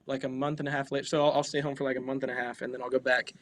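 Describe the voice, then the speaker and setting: A man's voice: medium pitch, little pitch movement, rapid-fire. A young man from the American South chatting as a guest, easygoing and often laughing. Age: young adult. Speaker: guest musician. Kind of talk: casual interview chat.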